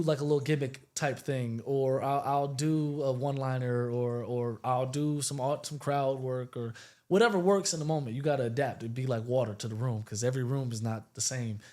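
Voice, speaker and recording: A man who is a stand-up comedian, talking candidly and profanely in a casual podcast interview, telling stories with lively asides. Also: a little high. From Puerto Rican roots, raised in the Bay Area.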